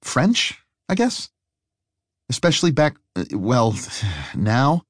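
A man's voice: medium pitch, wildly swooping pitch, slow, no echo, clean studio sound, voice pushed up, full character voice. A man voicing an anxious young man in an audiobook. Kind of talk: audiobook character voice.

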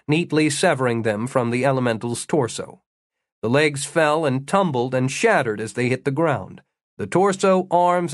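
A man reading an audiobook, telling an adventure story in a measured way with dry humor. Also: mid-range voice, no room sound. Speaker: narrator. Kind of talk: audiobook narration.

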